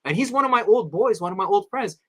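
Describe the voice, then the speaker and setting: A man in his thirties, appearing as a guest in a casual interview, tells personal stories animatedly and at a quick pace. He acts out his friends' voices with big jumps in pitch and calls the host "my beloved father."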